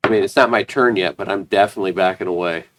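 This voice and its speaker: A man's voice: low-pitched, rapid-fire, noisy background. A man playing a tabletop game with friends, wry and bantering. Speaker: player. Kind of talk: casual tabletop play.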